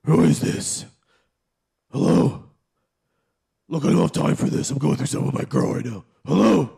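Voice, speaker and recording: A man voicing a jealous, hotheaded male caped crusader who leaves ranting, swearing voicemails in a very gravelly growl. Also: medium pitch, lively intonation, normal speed, warm tone, exaggerated voice. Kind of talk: comedy voicemail sketch.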